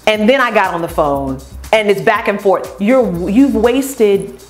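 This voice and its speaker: A woman who owns a beauty company tells customer stories in an animated way and acts out the voices of the people in them. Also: medium pitch, unhurried, soft background music. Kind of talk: storytelling vlog.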